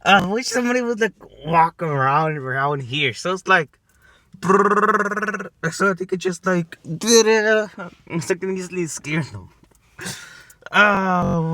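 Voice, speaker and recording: A man's voice: fairly high pitch, bright, forceful tone, no room sound. A man sitting in a parked car, waiting to prank passersby, muttering impatiently to himself and now and then calling out to people. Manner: impatient, grumbling, calls out to passersby. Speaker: prankster vlogger.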